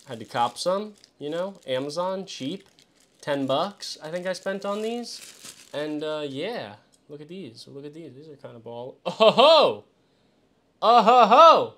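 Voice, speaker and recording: A young man talking casually into a streaming mic from his home setup, loose and slangy. His pitch sits a bit high for a man, and he rambles between sudden excitable outbursts. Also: measured pace. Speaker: fantasy football streamer. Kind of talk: casual livestream chat.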